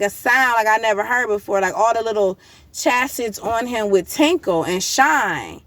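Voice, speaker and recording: A woman recounts a dream in a loose, slang-filled storytelling voice. Her voice sits a little high, and the recording is close and dry. She keeps the energy up with lots of fillers and asides. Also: no room sound. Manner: excited, animated slang-heavy retelling with many fillers. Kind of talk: casual storytelling to camera.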